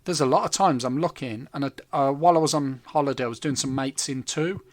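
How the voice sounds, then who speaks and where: A man, co-hosting a podcast in casual chat and recommending things enthusiastically with quick asides. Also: medium pitch, no room sound. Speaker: podcast co-host.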